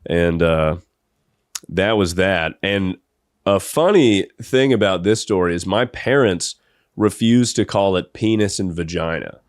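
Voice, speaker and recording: A man's voice: sits low, a little slow, no echo, studio quality. A young man hosting a podcast, telling a comedic story in a rambling way and often laughing through it. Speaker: podcast host.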